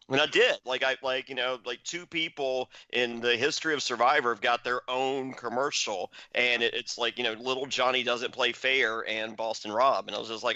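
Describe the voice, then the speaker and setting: A man's voice: medium pitch, fairly even intonation, moderate pace, bright, forceful tone, clear, resonant tone, no room sound. A man hosting a podcast, rambling and joking with lots of restarts in casual chat. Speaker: podcast host. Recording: dull dry podcast audio.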